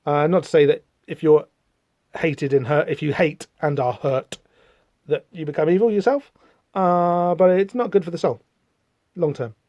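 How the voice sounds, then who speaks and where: A man's voice: on the high side, moderate pace, darkish tone, dry recording, highs cut off. A man hosting a podcast, chatting casually through a comic book with rambling, wry asides. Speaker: podcast host.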